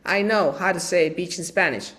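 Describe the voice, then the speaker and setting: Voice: mid-range voice, moderate pace, fairly bright tone. A Spanish teacher hosting a live bilingual lesson, switching between English and Spanish, drilling vocabulary through repetition and coaxing the audience with playful quiz questions.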